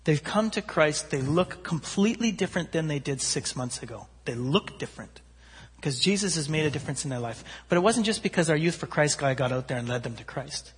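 A man preaching, telling a story with animated voices for its characters. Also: on the high side, a little fast, slight background noise. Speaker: pastor. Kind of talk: sermon storytelling. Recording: long hall reverb.

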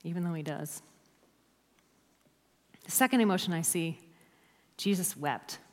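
A woman's voice: on the low side, lively intonation, normal speed, darkish tone. A woman preaching a sermon to a church, emphatic and dropping to near-whispers on key words. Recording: long hall reverb.

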